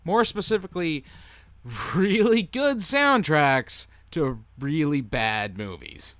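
A man co-hosting a podcast in casual chat, jokey and animated as he tells stories. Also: a little high, slow, no echo. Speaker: podcast co-host.

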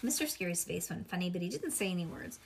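A woman reading a children's book aloud in a lively way, now and then pausing to chat with a child beside her. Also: lowish voice, creaky, slight background noise. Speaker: reader.

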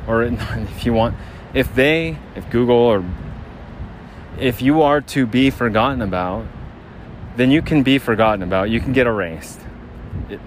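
A man hosting a podcast, talking casually and rambling while out of breath on a brisk walk outdoors in a city. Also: medium pitch. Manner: rambling, with many restarts. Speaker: podcast host. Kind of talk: casual walking monologue. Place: outdoors on a city street, near a generator. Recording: faint outdoor street noise. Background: street and traffic noise.

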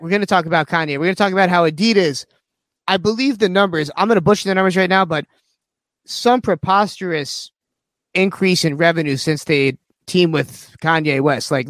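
Young man, radio host, casual joking banter, slightly high voice, dry studio sound. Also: fairly bright tone, dry recording. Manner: joking, rambling, self-deprecating.

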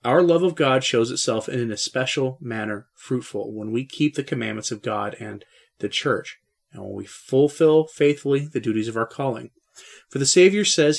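A man preaching a Catholic-style sermon in a solemn, measured oratorical manner, full of rhetorical questions and addresses to his listeners. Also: mid-range voice, vocal fry.

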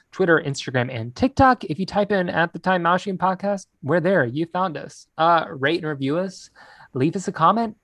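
A man's voice: a little high, fairly bright tone, dry recording, studio quality. A man hosting a podcast in casual, upbeat chat, rambling and laughing often. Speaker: podcast host.

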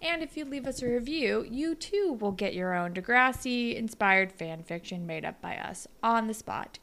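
Casual young woman with a gravelly edge. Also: on the high side, lively intonation, normal speed, a bit bright. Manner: rambling storyteller, full of "like". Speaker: podcast co-host. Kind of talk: casual chat.

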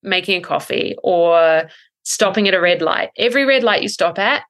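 A woman in her thirties, a breathwork coach, explaining thoughtfully in a podcast interview with frequent ums and soft laughs. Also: fairly low pitch, expressive, moderate pace.

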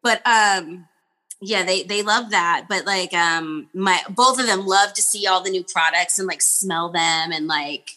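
A woman who works as an esthetician, chatting casually and telling animated stories with frequent laughter. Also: on the low side, a little slow. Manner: animated storyteller, laughs often. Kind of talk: casual chat.

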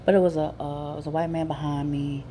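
A woman telling a storytime for her podcast, animated and full of slang, often breaking into laughter and disbelief. Her voice is low and mellow. A faint ambient noise sits underneath. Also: quick pace. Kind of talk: casual storytime.

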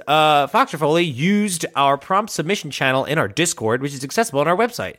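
Animated, lively-voiced male podcast host. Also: fairly high pitch, moderate pace, vocal fry. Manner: animated, swears freely, laughs often. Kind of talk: casual podcast chat.

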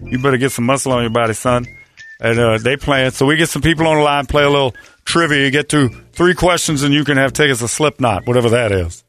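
A man's voice: medium pitch, fast, a bit bright. Brash, teasing male sports radio host. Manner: brash, teasing, trash-talking. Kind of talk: joking sports radio banter.

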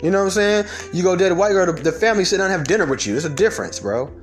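A man telling stories and ranting in a blunt, profane, fast-talking way. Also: high-pitched, very animated, soft background music. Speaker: storyteller. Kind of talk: comedic storytelling rant.

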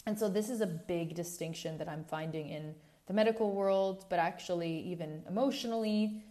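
Candid woman host, slightly low voice. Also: normal speed. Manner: candid, self-correcting, slightly preachy; animated, rambling asides. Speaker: podcast host. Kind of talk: casual podcast monologue.

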